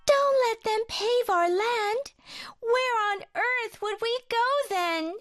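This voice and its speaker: A woman doing high pleading bunnies. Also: slow pace, faint music behind. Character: worried little rabbits.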